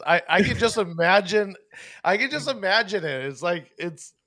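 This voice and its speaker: Male podcast host, expressive pitch, dry close sound, eager and reactive. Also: normal speed, no room sound. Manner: reactive, laughs along, eager questions. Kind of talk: casual chat.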